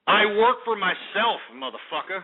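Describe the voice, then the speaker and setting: A man's voice: high voice, lively intonation, moderate pace. A man hosting a call-in radio show, ranting brashly and insulting his callers. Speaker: radio talk show host. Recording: narrow phone-like radio audio.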